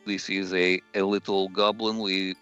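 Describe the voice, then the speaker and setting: A man's voice: deep voice, flat delivery, a little slow, fairly bright tone, dull audio, soft background music. A man playing in a tabletop game, chatting casually and joking with frequent laughs. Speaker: player. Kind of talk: tabletop roleplay chat.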